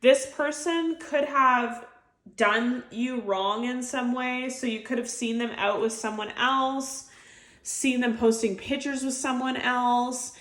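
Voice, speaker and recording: A woman's voice: on the high side, fairly even intonation, takes it slowly, fairly bright tone. A woman giving an intuitive tarot reading to camera, chatty and heartfelt, full of filler words. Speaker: tarot reader. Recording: echoey room.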